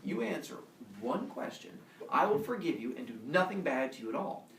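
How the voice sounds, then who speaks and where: A man's voice: medium pitch, sing-song, moderate pace. A huffy, bossy king of the gods blusters out demands, his voice swinging widely up and down, as a man plays him. He sounds distant, in a roomy classroom with faint noise. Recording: echoey classroom, far from the mic.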